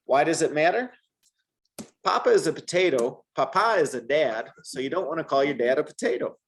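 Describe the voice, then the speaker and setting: A man's voice: on the high side, fast. Man teaching a Spanish lesson. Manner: patient, encouraging, models words for repetition. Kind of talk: one-on-one language lesson.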